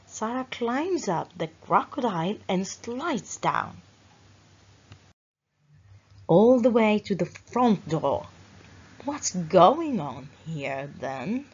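Woman storyteller, husky, slow and very lively children's storybook reading, muffled lo-fi sound. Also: medium pitch.

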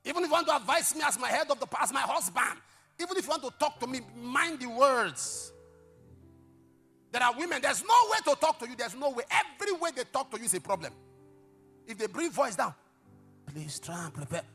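A middle-aged male pastor preaching a sermon, telling stories dramatically with sudden shouts and hushed asides. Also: very high-pitched, animated, brisk, slightly rough, faint music behind. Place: church service.

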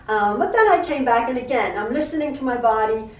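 A woman's voice: on the high side, lively intonation, fairly quick. Chatty, stammering middle-aged woman, echoey room. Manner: chatty, repeats herself, stammers and restarts. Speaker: quilting channel host. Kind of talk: rambling personal chat. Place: home sewing room. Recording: echoey room, mic at a distance.

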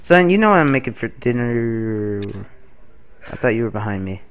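A man's voice: medium pitch, normal speed, clean tone. A man playing a game with a friend, bursting into laughter and swearing, playing the father in a casual gaming chat. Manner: excitable, swearing, frequent laughter. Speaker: gamer playing a father character.

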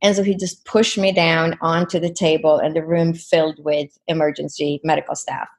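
A woman's voice: deep voice, level tone, normal speed. A woman guest in an interview, earnestly retelling a personal experience with many "you know"s. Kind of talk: personal storytelling.

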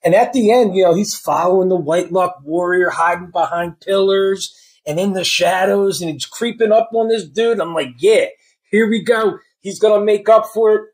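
A man giving a casual, spoiler-filled book review, excitable and slangy, swearing freely and acting out his own reactions. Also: high-pitched, normal speed, poor audio.

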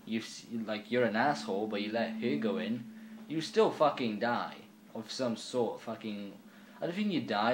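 A young man casually commenting on his gameplay, rambling and swearing in an offhand, quiet way. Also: on the low side, slight background noise. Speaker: gamer. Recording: echoey room with faint ambience.

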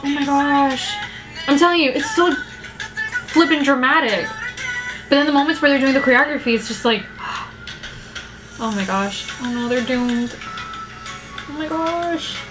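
A woman's voice: high voice, a little slow, pauses often, low-quality recording. Gasping, exclaiming woman reacting to a video. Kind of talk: music video reaction vlog. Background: music video playing.

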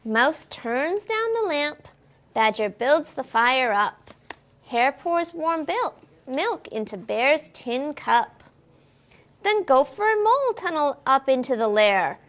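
A high-pitched woman reads a picture book at a slow pace for library storytime. She's the children's librarian, reading in an expressive, sing-song style and asking the kids questions.

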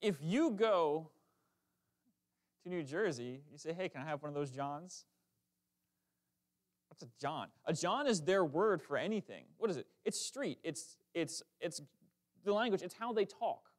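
Lively conversational preacher, a bit high. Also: male voice. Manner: lively, conversational preaching with quick asides and self-corrections. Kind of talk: sermon. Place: church sanctuary.

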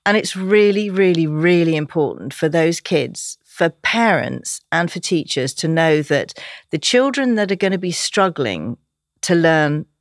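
A woman's voice: lowish voice, animated, a little slow, no room sound, clean studio sound. A woman speaking as a podcast guest, talking with passion and turning emotional at times. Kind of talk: podcast interview.

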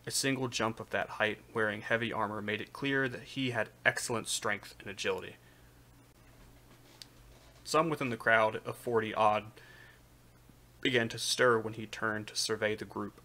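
明るい声で小説を朗読する男性. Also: male voice, on the low side, normal speed, long pauses. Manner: steady narration with occasional slips. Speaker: streamer reading aloud. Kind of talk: live reading of a light novel.

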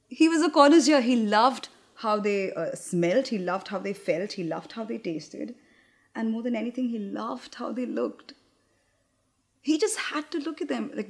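Candid young woman in a stage monologue. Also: mid-range voice. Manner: candid, confiding, wry, with hesitant restarts. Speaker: actress. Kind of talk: theatrical monologue.

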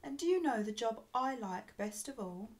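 A woman voicing a cheerful old Santa Claus in a storybook, speaking warmly and slightly lower than her own voice. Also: animated, normal speed, a little hiss or hum, lightly acted.

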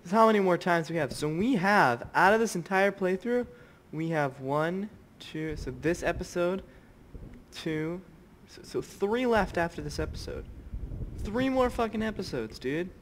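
Over game music and slight background noise, a young man with a high, expressive voice commentates a horror game playthrough at a moderate pace. The gamer swears constantly, startles easily, and drops to a whisper when he gets scared.

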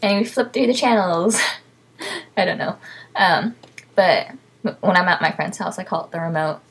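Breathy chatty woman with a South Texas accent. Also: medium pitch. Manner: chatty, many ums, laughs between answers. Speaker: vlogger. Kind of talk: casual chat to camera.

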